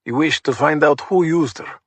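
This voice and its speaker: A man's voice: on the high side, fairly bright tone, breathy edge, no echo, voice pushed up. A man voicing a dignified, courteous older male Russian ex-mobster with a heavy Russian accent. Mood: polite, guarded. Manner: measured and courteous.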